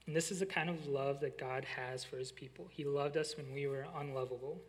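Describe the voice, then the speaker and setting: A young adult man, a college pastor, preaching a sermon and telling a lively story that slows and softens on its key lines. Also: mid-range voice.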